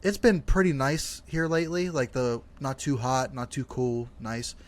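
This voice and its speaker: A young man in the middle of his natural pitch range tells a casual podcast story. He rambles, leans on "like" constantly and swears freely as he talks. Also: normal speed. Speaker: podcast co-host.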